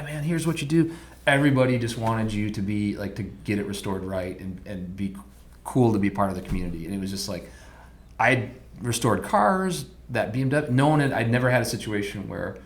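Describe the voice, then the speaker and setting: Low-voiced Midwestern man telling stories. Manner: animated storyteller, acts out quotes loudly. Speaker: podcast guest, motorcycle designer. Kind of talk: casual storytelling chat.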